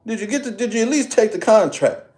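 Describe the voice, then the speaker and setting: A man putting on the voice of his older mother, brash and profane, scolding him loudly. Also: high voice, fast, pitched above the performer's own voice, close to an everyday voice. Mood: incredulous. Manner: loud, incredulous scolding.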